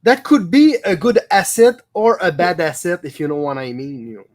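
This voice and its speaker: A man's voice: high-pitched, big pitch swings, moderate pace, darkish tone. A man interviewing a guest, mostly listening and adding short replies, with slight phrasing. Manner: supportive listener with short backchannels. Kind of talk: casual interview chat.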